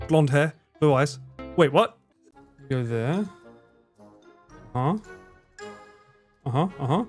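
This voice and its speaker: Animated man streaming a game. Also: fairly high pitch, measured pace, pauses often. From United Kingdom. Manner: playful, joking, swears, laughs often. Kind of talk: live game stream chat. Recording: game music loud behind. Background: game music.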